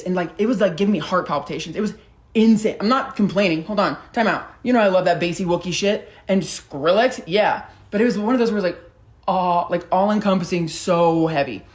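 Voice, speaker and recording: A young woman from Denver, a content creator telling a storytime vlog in a chatty, profane way, full of filler words. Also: lowish voice. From Denver, United States.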